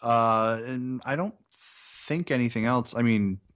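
Halting American man on a podcast. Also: medium pitch, a bit bright. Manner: halting, restarts often, easygoing. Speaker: podcast co-host. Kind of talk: casual movie-review chat.

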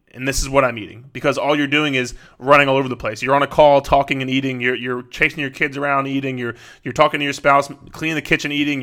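Male podcast host, 30s, mid pitch, bright tone, loose conversational delivery with repeats and restarts. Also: clear, resonant tone. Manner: conversational, repeats words and restarts, frequent "right?". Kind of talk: casual advice monologue.

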